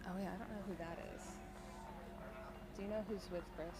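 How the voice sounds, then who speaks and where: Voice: mid-range voice, steady tone, a little fast, heavy background noise. A livestream co-host casually chatting during a race, pointing out runners and their gear. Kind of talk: live casual commentary.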